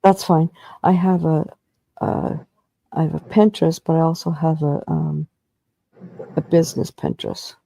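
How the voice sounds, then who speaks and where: A man's voice: on the high side, steady tone, moderate pace, vocal fry, dark tone, no echo. A man co-hosting a casual chat, talking in a chatty way with fillers. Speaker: livestream co-host.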